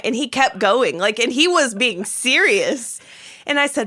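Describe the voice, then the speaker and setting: Bright-voiced woman telling stories animatedly. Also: fairly high pitch, unhurried. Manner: animated storyteller, acts out quotes. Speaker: podcast co-host. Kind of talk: casual chat.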